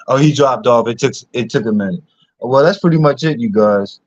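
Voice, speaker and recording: A man from Philadelphia hosts a casual online chat, talking loosely and laughing between his points. His voice sits at a middle pitch. The audio is dull and dry, like a cheap mic. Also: moderate pace, dry recording. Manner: chatty, laughs often, many fillers. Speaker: host. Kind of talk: casual live-stream chat.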